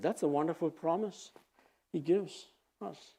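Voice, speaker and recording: Male pastor, high voice, earnest exhorting sermon delivery. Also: darkish tone. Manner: earnest, exhorting, reads scripture aloud with pauses.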